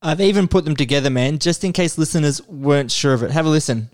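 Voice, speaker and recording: Man, podcast host, casual chat, playful, swears, slightly high voice. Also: fast talker, over music. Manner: playful, swearing, uses "mate". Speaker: podcast host running a quiz.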